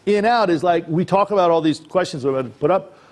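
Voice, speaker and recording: A man's voice: high-pitched, fast talker. A man giving a talk on acting, speaking conversationally and checking in with his listeners. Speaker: acting coach. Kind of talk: workshop talk. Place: presentation room.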